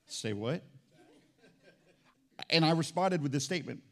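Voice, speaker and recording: A man's voice: on the high side, lively intonation, unhurried. A middle-aged man preaching a sermon as pastor, telling family stories in a conversational way and calling on the congregation for amens. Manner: conversational storytelling, calls for amens.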